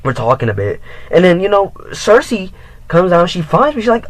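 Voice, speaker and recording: Teen guy, storytime vlog, rambling, slangy, swears a lot, lively pitch, dry close mic. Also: fast, no room sound, rough recording. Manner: rambling, slangy and profane, animated. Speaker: vlogger. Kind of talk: casual storytime.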